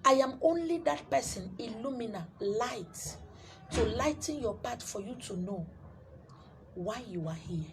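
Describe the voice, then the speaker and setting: A Nigerian woman, a spiritual teacher, preaching to camera and selling her handouts, emphatic, repeating phrases, swinging from loud to hushed. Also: a little high, expressive, a little slow, background noise.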